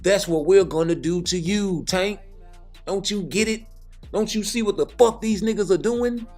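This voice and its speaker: A man's voice: sits high, normal speed, a little mellow, soft background music. A man giving heated, profane boxing commentary in a casual rant, blunt and repeating points for emphasis.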